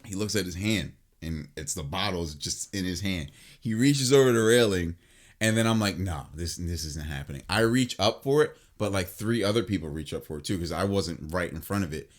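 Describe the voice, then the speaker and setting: A man in his late twenties with a lowish voice tells a story on a podcast. He talks casually and animatedly, swears freely, restarts his sentences and leans on "like" and "I'm like" to act out the moment. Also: moderate pace. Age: late 20s. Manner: animated and profane, filled with "like" and restarts. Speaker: podcast host.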